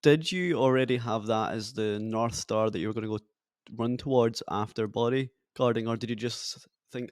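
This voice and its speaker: A man's voice: medium pitch, moderate pace, no room sound, clean studio sound. A man hosting a podcast interview, asking long, carefully built questions. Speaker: podcast host.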